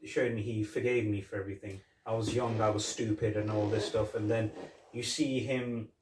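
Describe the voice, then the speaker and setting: Animated man retelling scenes in a roomy space. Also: on the low side, moderate pace, slight background noise. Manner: animated storytelling, retelling scenes with quoted lines and laughs. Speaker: podcast co-host. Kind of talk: casual chat. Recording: roomy, from a distance.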